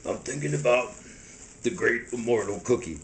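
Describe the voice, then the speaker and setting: A man voicing a cookie-obsessed monster who preaches slowly in a very deep, drawling voice. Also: vocal fry, a little hiss or hum, close to an everyday voice. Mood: solemn. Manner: solemn preaching about a cookie god.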